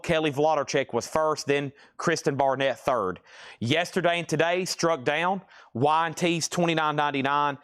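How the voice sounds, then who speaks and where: A man's voice: on the high side, a bit bright, clean tone. A man hosting a live-stream vinyl auction, chatting, joking with buyers and calling out prices and bids, and out of breath from hauling crates.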